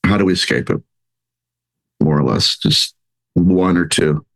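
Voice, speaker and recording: A man speaking as a guest in a podcast interview, animated and rambling with restarts, acting out quoted voices as he talks. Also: deep voice, unhurried, gravelly, rough recording. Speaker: paranormal researcher and author, podcast guest. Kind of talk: conversational interview.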